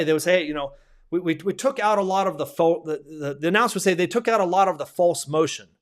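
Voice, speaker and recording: A male basketball coach giving a clinic lecture in a conversational way, repeating himself and restarting sentences often. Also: fairly high pitch.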